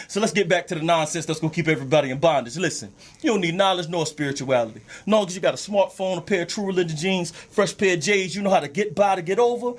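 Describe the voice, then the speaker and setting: A man performing spoken word poetry on a talk show, with rhythmic rhyming delivery and street slang. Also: fairly high pitch. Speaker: spoken word poet guest.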